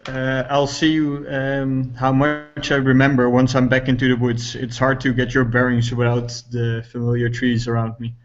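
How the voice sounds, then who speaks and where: A man describing his character's actions at a tabletop game, in a flat, halting way. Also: medium pitch, dull audio. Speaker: player.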